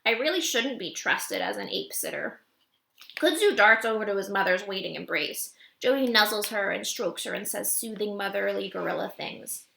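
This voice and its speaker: A woman reading a first-person children's novel aloud in an expressive, wry narration, recorded with a roomy echo. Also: medium pitch, normal speed, vocal fry, a little hiss or hum. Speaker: audiobook reader.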